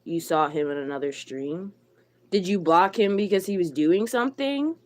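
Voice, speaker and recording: Irritated swearing woman streamer, lowish voice. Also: animated, normal speed, darkish tone. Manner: irritated, blunt, swears a lot; talks to chat viewers by name. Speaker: livestreamer. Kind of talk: live stream chat rant.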